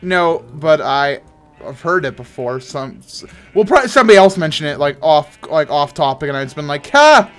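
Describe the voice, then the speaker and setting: A man's voice: a little high, animated, a little fast. Playful American man gaming. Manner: playful, giggly. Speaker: game co-host. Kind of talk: casual gaming chat.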